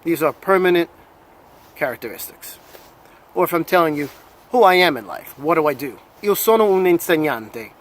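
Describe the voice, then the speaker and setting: A man's voice: fairly high pitch, animated, moderate pace. Patient American man teaching Italian. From New Jersey, USA. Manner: patient, repeats examples, checks in with "okay?"; switches between English and Italian phrases. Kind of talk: language lesson.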